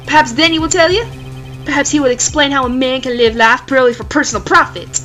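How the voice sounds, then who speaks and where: A woman's voice: high voice, quick pace, fairly bright tone, faint music behind. A woman voicing a pompous, scheming male company boss who talks in a grandiose, theatrical sneer. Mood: gloating.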